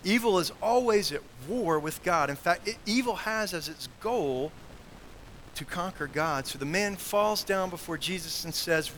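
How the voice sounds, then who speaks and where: A man preaching a sermon in an earnest manner, growing loud on key points and dropping to quiet asides. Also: sits high, lively intonation, unhurried, a little hiss or hum, low-quality recording. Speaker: pastor.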